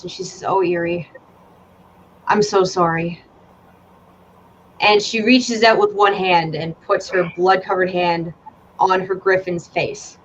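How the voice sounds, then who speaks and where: A woman's voice: lowish voice, a bit bright. A woman narrating a tabletop game as game master, casual and given to swearing. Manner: casual, swears, draws out descriptions. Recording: dull lo-fi audio with faint ambient noise.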